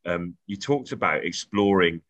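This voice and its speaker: A man hosting a podcast, talking in a halting, hesitant way over a video call. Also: sits low, lively intonation, a bit bright, highs cut off. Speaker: podcast host. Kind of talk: casual interview chat.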